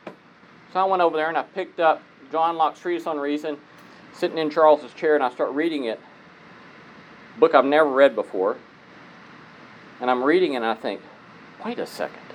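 A man's voice: fairly high pitch, normal speed, pauses often, a little hiss or hum, poor audio. A man speaking conversationally to an audience, telling personal stories and asking listeners rhetorical questions. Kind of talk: conversational lecture.

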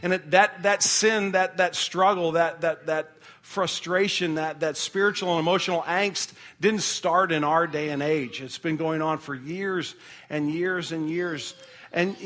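A man's voice: a little high, fairly bright tone. Earnest man preaching a sermon. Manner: earnest, conversational preaching with frequent repeated words and restarts. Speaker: pastor.

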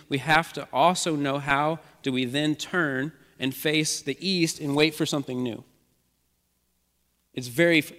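A male pastor delivering a sermon in an earnest, measured voice of middling pitch, circling back to key phrases for emphasis. His words ring out with a long reverb tail, as if recorded in a church sanctuary. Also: a bit bright. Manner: earnest, repetitive preaching cadence.

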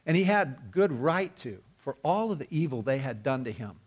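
A man's voice: medium pitch, sing-song, moderate pace. A man preaching a sermon, telling the story earnestly and often repeating or restarting his words. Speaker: pastor.

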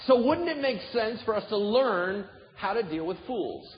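Animated male preacher in an echoey hall. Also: high voice, normal speed. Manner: animated preaching with humor and acted-out dialogue. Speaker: pastor. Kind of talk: sermon. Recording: echoey hall, dull sound, faint noise.

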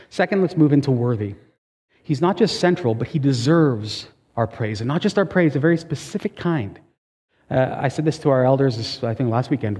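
A male pastor delivers his sermon in a conversational, emphatic way, with quick asides to the congregation. His voice is mellow and slightly husky. It rings out with a long reverb, as in a church sanctuary. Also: medium pitch.

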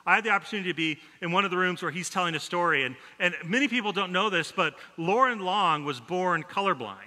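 Male pastor, sermon, storytelling, very bright voice, slightly high, long hall reverb. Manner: storytelling, voice drops soft for quoted lines.

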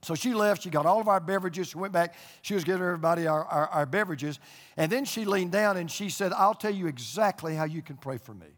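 This older pastor is a fast talker with a fairly high, slightly bright voice, preaching through folksy stories and forceful repetition. His sermon fills a large church auditorium, reaching both live and online listeners, and a long reverb trails after him.

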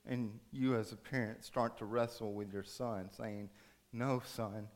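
A man preaching a sermon, telling a story dramatically, rising to urgent raised passages and dropping to hushed soft ones. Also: fairly low pitch, fairly even intonation, normal speed.

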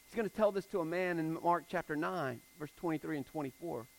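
A man preaching a conversational sermon, moving between hushed scripture reading and emphatic retelling. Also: on the high side, fairly quick, creaky, slight background noise, low-quality recording. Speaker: pastor.

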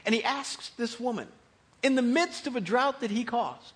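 Animated storytelling preacher man. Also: very high-pitched, normal speed. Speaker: pastor. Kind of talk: sermon.

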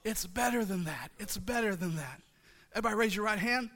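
Guy preaching in church, high voice, kinda bright, repeats stuff, echo of a big room. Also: expressive, fairly quick. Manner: passionate, repetitive call-and-response preaching. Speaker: pastor. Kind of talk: sermon. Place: church sanctuary.

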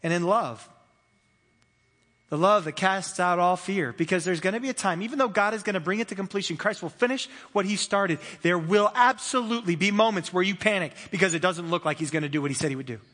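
A man's voice: sits high, brisk, a bit bright, big-room sound. A man preaching a sermon in a church, chatty and laughing, acting out little voices along the way. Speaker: pastor.

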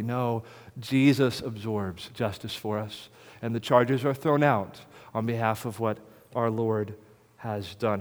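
American pastor guy preaching, mid voice, goes quiet then really loud, lots of hall echo. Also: medium pitch. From United States. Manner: impassioned preaching, swings from soft hushed lines to loud proclamation. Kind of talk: sermon. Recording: reverberant hall.

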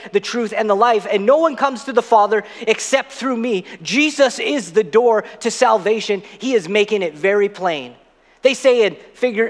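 A man's voice: high voice, a bit bright, long reverb tail. A man preaching a sermon as pastor, earnest and repeating his key phrases.

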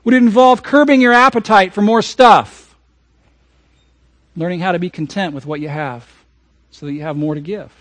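A man preaching a sermon as pastor, emphatic and swinging from raised passages to hushed ones. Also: high-pitched, dry recording.

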